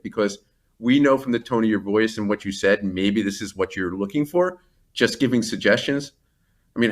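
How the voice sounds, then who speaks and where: A man's voice: medium pitch, a bit bright. A man in a business interview, talking about his company in a rambling, enthusiastic way with many asides and restarts. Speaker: company CEO, interview guest.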